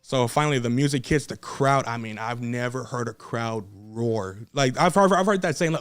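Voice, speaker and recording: A young man, a wrestler, telling a story in a casual podcast chat, animated and laughing often, acting out what others said. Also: mid-range voice, normal speed, hardly any pauses.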